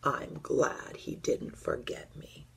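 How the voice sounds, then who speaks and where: A woman voicing a gentle, sleepy old male teddy bear who speaks softly and breathily in a storybook reading. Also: lightly acted. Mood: tender. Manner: soft, slow and breathy.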